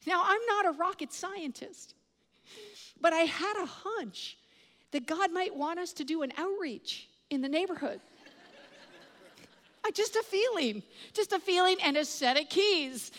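A woman's voice: sits high, normal speed. A middle-aged woman preacher telling a story in a sermon, acting out the voices of the people in it. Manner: animated storyteller acting out dialogue. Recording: long hall reverb.

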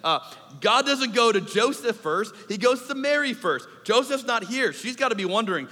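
A pastor with a high, bright voice delivers a sermon at normal speed in a church sanctuary, his voice ringing through the large, reverberant hall. He speaks in an animated, conversational way and acts out little asides.

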